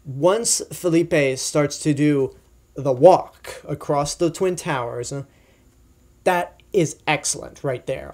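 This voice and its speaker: A man's voice: on the high side, darkish tone. A young man giving a casual, chatty film review, enthusiastic and full of asides and fillers. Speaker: movie reviewer.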